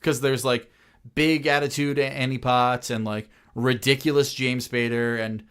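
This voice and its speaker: A man's voice: mid-range voice, fairly even intonation, unhurried, a bit bright, smooth. A man co-hosting a podcast in casual chat about a film, with a dry, sarcastic manner. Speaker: podcast co-host.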